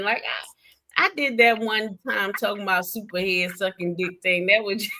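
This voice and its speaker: A young woman with a Southern American accent hosting a casual gossip stream, animated and laughing often, swinging between loud and soft. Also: mid-range voice, normal speed. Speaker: stream host.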